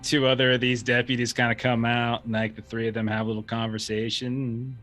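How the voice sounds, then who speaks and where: Relaxed male game master. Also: mid-range voice, a little fast, faint music behind. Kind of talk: narrating a tabletop horror game.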